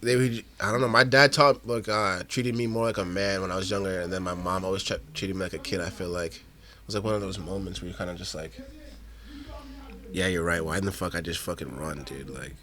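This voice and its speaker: A young man, telling profane stories in an animated, slangy way in casual podcast chat. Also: sits low, fast. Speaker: podcast guest or host.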